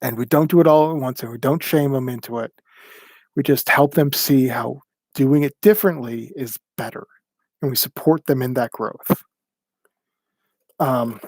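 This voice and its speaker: A man teaching a livestreamed class, speaking in a plainspoken, halting way with many ums and restarts. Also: a little mellow, dry recording. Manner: plainspoken, acts out quoted remarks with raised pitch. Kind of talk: livestreamed talk.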